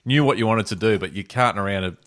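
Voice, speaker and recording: A man's voice: lowish voice, fast talker, a bit bright. A man co-hosting a casual podcast, laughing along and stumbling over restarts as he talks. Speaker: podcast co-host.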